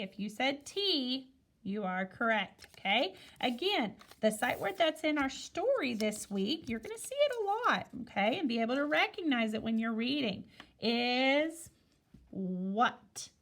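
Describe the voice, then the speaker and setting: This is a woman teaching young children to read, speaking slowly and with a very lively, rising and falling voice. Her voice sits a little high. She keeps stopping to check in with "okay?" and to ask the children questions. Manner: slow, sing-song teacher talk with many "okay?" checks. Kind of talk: guided reading lesson for young children. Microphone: recording a video lesson.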